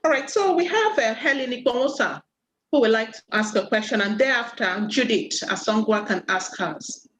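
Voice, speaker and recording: A woman's voice: fairly high pitch, expressive, moderate pace, fairly bright tone, slight background noise, low-quality recording. A woman moderating a video call session, reading out audience comments and calling on people to ask questions.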